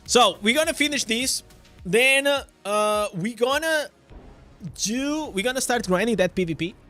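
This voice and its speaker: A man's voice: very high-pitched, expressive, a little slow, bright, forceful tone, faint music behind. A young man with a Portuguese accent chatting casually on a live stream, often restarting his words and swearing now and then.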